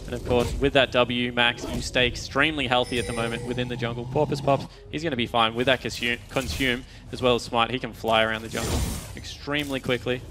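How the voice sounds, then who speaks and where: A man's voice: mid-range voice, level tone, fast, over music. A man with an Australian accent casting an esports match, explaining strategy in detail. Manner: analytical, explains game mechanics at length. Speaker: esports caster. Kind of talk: esports commentary.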